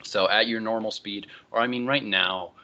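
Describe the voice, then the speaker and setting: A male college instructor giving a relaxed, conversational online lecture, often moving on with "all right, so.". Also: fairly low pitch, normal speed, dull audio. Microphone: computer microphone.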